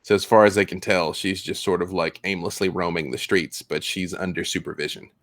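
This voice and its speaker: A man with a somewhat low voice running a tabletop game as game master. He talks casually and rambles with plenty of fillers. The sound is dry and close. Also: fairly even intonation, fairly quick, no room sound.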